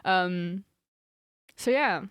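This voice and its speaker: A woman's voice: lowish voice, extremely slow, fairly bright tone, clear, resonant tone, no room sound. Giggly young woman streamer, dry sound. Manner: giggly, rambling storytelling. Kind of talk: casual chat with stream viewers.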